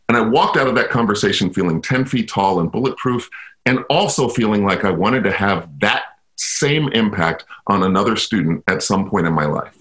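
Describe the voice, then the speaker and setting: A man's voice: on the low side, expressive, moderate pace, a bit bright. A man from Chicago, a guest on a radio interview, telling a personal story in a reflective, self-deprecating way. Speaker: guest, university inclusion officer.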